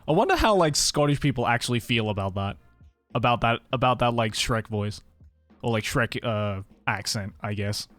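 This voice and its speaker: A man's voice: medium pitch, lively intonation, moderate pace, fairly bright tone, no room sound, faint music behind. A young man with a mild Australian accent, chatting casually with his stream viewers, laughing often and swearing freely. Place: home stream room in Tokyo.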